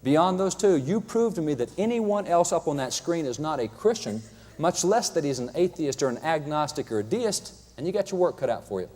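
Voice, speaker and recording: A historian speaking publicly gives a slide lecture in a hall with long reverb. His high-side voice is expressive, fairly quick and a little mellow, emphatic and wry as he often reads quotations aloud.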